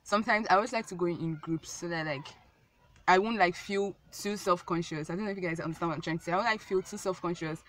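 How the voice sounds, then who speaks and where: A woman's voice: on the low side, fast talker, a bit bright. Young woman rambling through a storytime. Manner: rambling, repeats herself, many fillers. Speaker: vlogger. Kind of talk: casual storytime.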